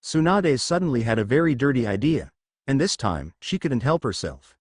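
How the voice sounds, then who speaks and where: A man narrating a fan fiction story in a steady storytelling manner. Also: mid-range voice, moderate pace, no echo, clean studio sound. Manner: steady storytelling with lively intonation.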